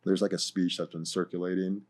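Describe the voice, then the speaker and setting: A man's voice: low-pitched, little pitch movement, a little fast, a little mellow. A man as a guest in a casual discussion, rambling and hesitant, full of fillers like "like" and "right".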